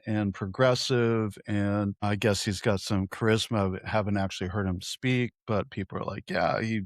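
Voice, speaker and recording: A man's voice: lowish voice, no room sound, studio quality. A man co-hosting a podcast, chatting casually and profanely about politics and telling stories with acted-out quotes. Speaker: podcast co-host.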